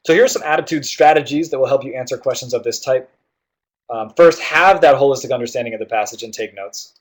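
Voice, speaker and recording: A man's voice: medium pitch, quick pace. A male tutor walking students through reading question types, explaining in an easygoing way with many fillers and "right?" checks. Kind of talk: guided test-prep walkthrough.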